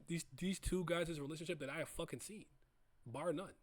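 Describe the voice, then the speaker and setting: A man casually chatting on a livestream, reviewing comic chapters, animated and laughing often. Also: a little high, brisk, no room sound. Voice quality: animated, laughs often, swings loud and soft. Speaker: streamer reviewing manga chapters.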